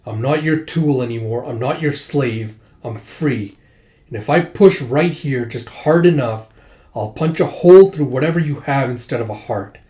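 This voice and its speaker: A man's voice: medium pitch, normal speed, warm tone, natural voice. Fierce rebel daughter, a man reading her lines; blunt and cold in a roomy space. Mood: defiant. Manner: blunt, accusing. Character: fierce defiant young woman, daughter turned rebel.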